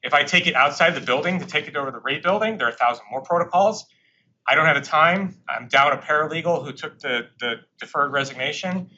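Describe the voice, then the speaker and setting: A man's voice: on the high side, fast talker, pushed and bright, lo-fi sound, a little hiss or hum. A man presenting to a live audience of lawyers, conversational and emphatic, with frequent fillers and side remarks. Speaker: government attorney presenting to bankruptcy practitioners. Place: courtroom or meeting room.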